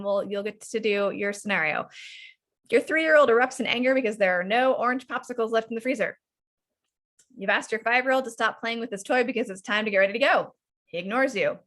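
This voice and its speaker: A woman parenting coach leading an online workshop over a video call, animated and often acting out what parents and children say. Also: on the high side. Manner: animated, frequently acts out parent and child lines.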